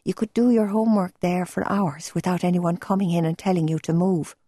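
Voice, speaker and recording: A woman narrating an audiobook in a measured, gentle storytelling manner. Her voice is on the low side, mellow and warm with a soft husky grain. It is recorded close and dry, with no room sound. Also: no echo. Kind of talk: scripted narration.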